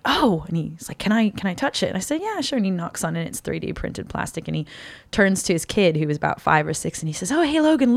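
A woman in her thirties telling animated stories in casual conversation, often breaking into laughter. Her voice sits low with a gravelly fry. The sound is dry and close. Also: no room sound. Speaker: cosplayer guest. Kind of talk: casual podcast chat.

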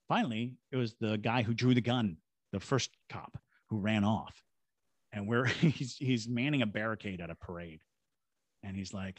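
A lowish male voice at a moderate pace, captured in a dry recording, belongs to a paranormal investigator from Savannah, Georgia. Appearing as a podcast guest, he tells an animated story and plays out other people's voices.

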